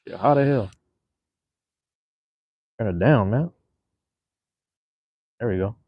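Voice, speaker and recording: A man's voice: on the low side, takes it slowly, breathy edge, dry recording, highs cut off. A man hosting a casual solo livestream, rambling in a laid-back, slangy way. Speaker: livestream host.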